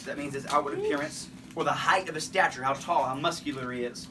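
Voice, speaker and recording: A man's voice: on the high side, fast, hardly any pauses. A man teaching a casual Bible lesson in a home kitchen, talking in a playful way with joking asides. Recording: distant mic with noisy background.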